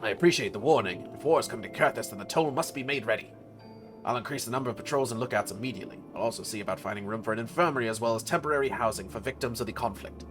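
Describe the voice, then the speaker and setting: A man's voice: mid-range voice, music in the background, lightly acted. A man reading as a formal guild official. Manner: measured, formal, courteous. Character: steady official of an adventurers' guild.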